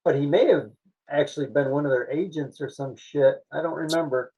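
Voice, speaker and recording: A man co-hosting a casual movie review podcast, wry and halting as he talks. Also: fairly high pitch, husky, highs cut off. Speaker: podcast co-host.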